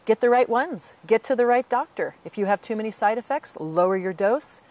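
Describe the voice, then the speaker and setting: Woman, interview answer, earnest, lively quoted asides, slightly labored breathing. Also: a little high, fairly quick. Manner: earnest, with animated acted quotes. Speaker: author and patient advocate.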